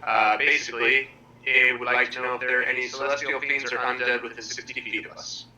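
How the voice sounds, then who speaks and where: A man playing a tabletop game, describing his character's actions haltingly with many fillers. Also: mid-range voice, flat delivery, pushed and bright, a little hiss or hum, poor audio. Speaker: player. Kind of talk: casual tabletop role-play.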